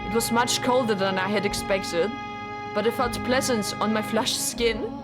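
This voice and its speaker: A woman reading a devoted young woman's lines from a visual novel aloud in an earnest, soft way, with faint game music behind her. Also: fairly high pitch, normal speed, lightly acted. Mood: hushed. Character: gentle, devoted young woman narrating her love story.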